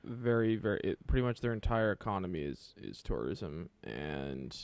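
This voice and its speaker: A man's voice: low voice, very animated, normal speed, gravelly, darkish tone, no room sound. A young man co-hosting a podcast in casual chat, laughing often and trailing off mid-sentence. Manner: laughs a lot, trails off, restarts. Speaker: podcast co-host.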